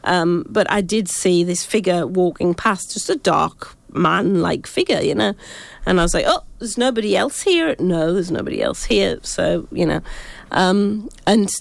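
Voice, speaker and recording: Gravelly woman telling ghost stories. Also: fairly low pitch, unhurried, no echo. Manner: rambling, self-interrupting storytelling. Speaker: psychic. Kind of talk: casual ghost-story chat.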